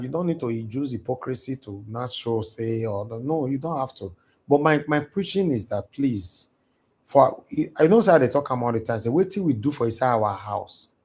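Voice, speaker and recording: A man's voice: medium pitch, darkish tone. A man with a Nigerian Pidgin English accent hosting a livestream from home, preaching passionately to his audience. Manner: preachy, impassioned, switches into Pidgin. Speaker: live stream host. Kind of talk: livestream monologue. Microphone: home livestream mic.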